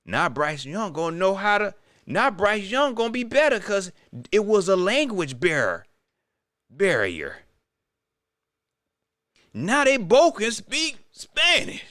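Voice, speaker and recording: Animated, incredulous man ranting. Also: sits high, slow, pauses often, no room sound, studio quality. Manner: incredulous, repetitive, joking. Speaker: sports commentator. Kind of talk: casual sports rant.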